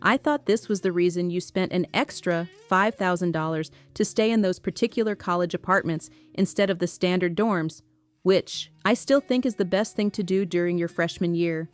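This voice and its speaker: Woman doing a worried nagging mom, overprotective, middle-aged, audiobook, soft guitar behind. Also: on the low side, normal speed, natural voice.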